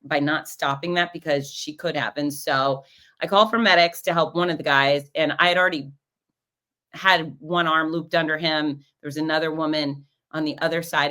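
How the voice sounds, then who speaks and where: A woman hosting a show, telling stories in a casual, animated way and acting out the voices of the people in them. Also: low-pitched. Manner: animated, acts out quoted voices. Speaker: podcast host and race announcer. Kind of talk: casual storytelling recap.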